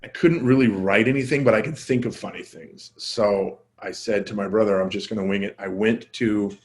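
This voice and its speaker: A male comedian telling a story as a podcast guest, casual and self-deprecating, acting out quoted dialogue with his voice jumping up and down. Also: moderate pace. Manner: animated, acts out quoted dialogue with jumps in pitch.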